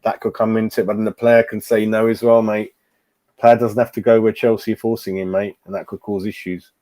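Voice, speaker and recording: A man in his 40s hosts a casual football fan live stream, his low-ish, warm voice flat in delivery and a little fast. Chatty, he reads the chat aloud and calls everyone mate.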